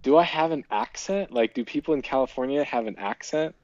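A man from Iowa, a podcast guest, chatting and telling stories with animated quoted voices. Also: medium pitch, a little fast, dry recording, highs cut off. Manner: chatty storyteller, animated quoting. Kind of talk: casual podcast chat.

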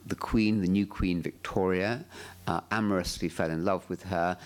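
Man lecturing, very low voice, hesitant ums, dry wit, middle-aged. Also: steady tone, moderate pace. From England. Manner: dry, wry asides, many ums and uhs. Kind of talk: public lecture.

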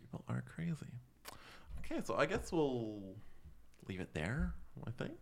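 A woman with an exceptionally deep voice hosts a podcast. She banters in easygoing, casual chat, and her pitch moves a lot. She wraps things up with friendly quick remarks. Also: big pitch swings, creaky, slight background noise. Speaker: podcast host.

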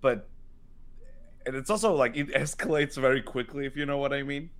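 A man co-hosting a podcast, thinking out loud in a rambling, casual way. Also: mid-range voice, fairly even intonation, a little fast. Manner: rambling, thoughtful, lots of fillers. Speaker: podcast co-host.

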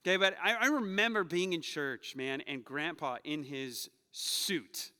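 Um jovem pastor pregando um sermão, contando histórias com humor e exortando a congregação com ênfase crescente. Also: male voice, a little high, a little slow, clear, resonant tone. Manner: storytelling, joking, rising to loud urging. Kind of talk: sermon. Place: church sanctuary. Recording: long hall reverb.

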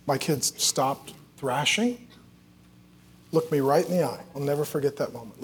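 A man preaching a sermon, telling a personal story with big swings from loud, joking delivery to quiet, tender prayer. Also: mid-range voice, moderate pace, a little hiss or hum. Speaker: pastor.

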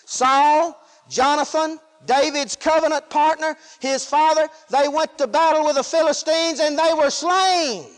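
A man preaching a sermon in a folksy way, swinging between shouted lines and hushed asides. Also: very high-pitched, steady tone, unhurried. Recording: long hall reverb.

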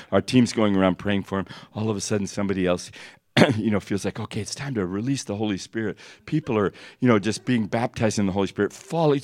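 A middle-aged American man teaching a ministry school class, telling stories with laughter and pitch leaps at the high points. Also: no echo. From United States. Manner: animated storytelling, laughing, voices jumping high for the climaxes. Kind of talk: storytelling sermon. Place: teaching room with an audience.

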